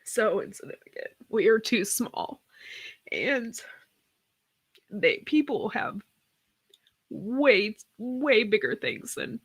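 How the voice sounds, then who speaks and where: A woman's voice: fairly high pitch, lively intonation, slow, long pauses, husky, no room sound. A woman hosting a casual live stream, tearful after crying, talking in a rambling way with sighs and many restarts. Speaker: host of a farm channel live stream.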